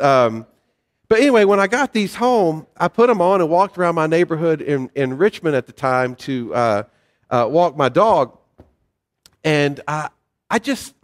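A man preaching a sermon as pastor, relaxed and conversational, with fillers and personal stories. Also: fairly high pitch, in a large hall.

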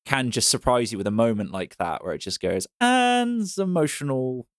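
A man's voice: on the low side, a little fast, a bit bright, no echo. Dry-sounding male podcast co-host. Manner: enthusiastic, reflective chat. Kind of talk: casual chat.

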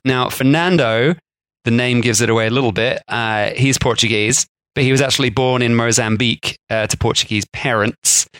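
A man's voice: mid-range voice, moderate pace, a bit bright, smooth, no room sound. Male podcast co-host, casual and rambling, dry close recording. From England. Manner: chatty, laughs often, rambling asides. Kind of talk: casual chat.

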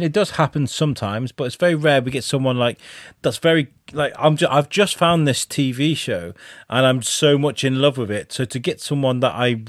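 A man's voice: medium pitch, no room sound, studio quality. A man co-hosting a podcast in casual, chatty conversation. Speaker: podcast co-host. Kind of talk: casual chat.

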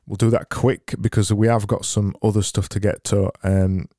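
A man's voice: lowish voice, fairly even intonation, normal speed, few pauses. A man hosting a casual solo podcast, rambling in dry, self-mocking asides, with faint music behind. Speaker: podcast host.

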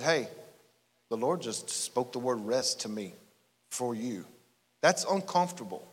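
Folksy pastor in a reverberant hall. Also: male voice, medium pitch. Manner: folksy, animated preaching with asides. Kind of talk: sermon. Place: church sanctuary. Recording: long church hall reverb.

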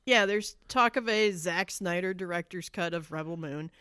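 A woman's voice: lowish voice, normal speed, fairly bright tone, smooth, no room sound. A woman co-hosting a casual review podcast, giving blunt opinions with dry, shrugging asides. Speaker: podcast co-host. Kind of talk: casual chat.

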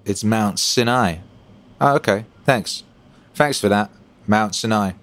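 Profane, animated man hosting a stream. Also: fairly low pitch, slow, dry recording. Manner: profane, animated, swinging between loud bursts and mumbles. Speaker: livestream host reading chat. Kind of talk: casual livestream chat.

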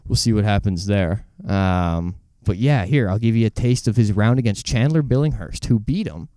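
A man's voice: on the low side, normal speed, no echo, studio quality. A man hosting a podcast, telling a story in loose casual chat and acting out what others said. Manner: storytelling, animated retellings with quoted voices; loose, says "dude" and "like" a lot. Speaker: podcast host.

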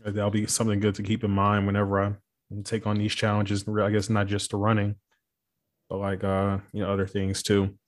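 A man's voice: fairly low pitch, monotone, normal speed. A man interviewing a guest in casual chat, replying with short reactions. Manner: short reactions, listens and prompts.

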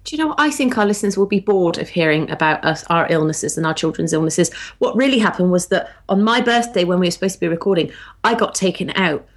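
A woman's voice: lowish voice, lively intonation, fast. A woman with an English accent co-hosting a podcast, chatting casually and teasing, with lots of fillers. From England. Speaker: podcast co-host. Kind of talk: casual chat.

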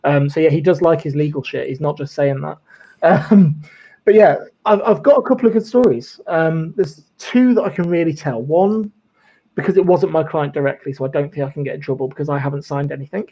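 A man's voice: on the high side, brisk, warm tone, slightly rough, dull audio. A man, a former lawyer, telling stories as a podcast guest in a chatty style, swearing and laughing often. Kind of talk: casual chat, storytelling.

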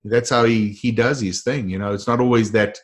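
Male host, low voice, encouraging, preacher-like interviewer. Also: fairly even intonation, brisk. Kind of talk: faith-based interview talk.

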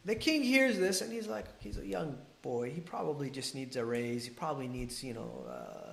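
A man, a religious scholar, telling a story on a podcast in an animated way and acting out the dialogue. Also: mid-range voice, moderate pace, creaky, reverberant, a little hiss or hum.

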